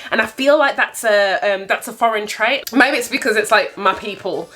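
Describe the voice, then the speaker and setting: A young woman telling a casual dating story as a vlogger, animated and candid, laughing often. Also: medium pitch, moderate pace. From United Kingdom.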